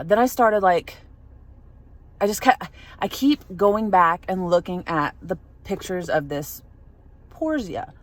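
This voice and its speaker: A young woman tells a story casually to her camera, wandering through her thoughts with fillers and false starts. Her voice sits a little low for a woman. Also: no room sound. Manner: rambling, many fillers and restarts. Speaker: vlogger.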